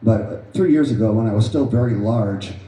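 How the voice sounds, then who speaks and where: A man addresses a live audience at an event, telling a personal story in an earnest, emphatic way. His voice is deeply mellow and dark. It is caught from far off the microphone, with the echo of a large room around it. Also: normal speed. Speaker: author presenting his book. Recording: roomy echo, voice far from mic.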